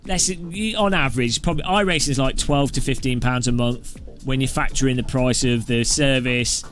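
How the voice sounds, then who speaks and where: A man's voice: medium pitch, normal speed, fairly bright tone, soft background music. A man hosting a gaming channel, chatting casually in a rambling, joking way. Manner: rambling and joking, with loose restarts. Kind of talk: casual chat.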